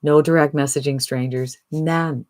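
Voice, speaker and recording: Sixties, mid-pitched voice, chatty sales pitch, rhetorical questions, dry close sound. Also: fairly even intonation, normal speed, no echo. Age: 60s. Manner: upbeat, chatty, many rhetorical "right?". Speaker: online business promoter.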